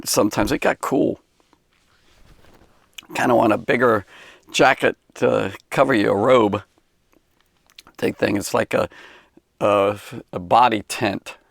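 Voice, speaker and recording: A man's voice: fairly low pitch, vocal fry, a bit bright, no echo, clean studio sound. A man giving a casual Bible lesson for kids, rambling and conversational with many fillers and restarts. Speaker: Bible teacher.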